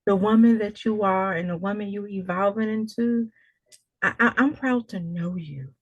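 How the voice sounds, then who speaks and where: A woman's voice: medium pitch, normal speed, no room sound, highs cut off. A woman coach hosting an interview, effusive and full of praise, speaking often of God. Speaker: coach and host. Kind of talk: emotional interview.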